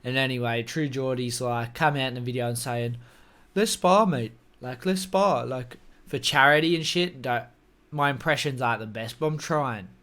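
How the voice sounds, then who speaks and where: A man's voice: medium pitch, steady tone, moderate pace, pushed and bright. A man talking casually to camera, giving opinionated, rambling takes on fights and swearing freely. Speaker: MMA commentary YouTuber.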